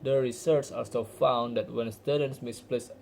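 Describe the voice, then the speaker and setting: Mellow-voiced young male student presenting. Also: medium pitch, steady tone, moderate pace, vocal fry, slight background noise, low-quality recording. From Indonesia. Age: young adult. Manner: earnest, explanatory, with small restarts. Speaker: university student. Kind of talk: recorded class presentation.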